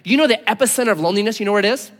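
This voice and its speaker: A man in his thirties preaching a sermon, telling a story with lively voices, then dropping to quiet, earnest tones. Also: high-pitched, rapid-fire. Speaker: pastor. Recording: long hall reverb.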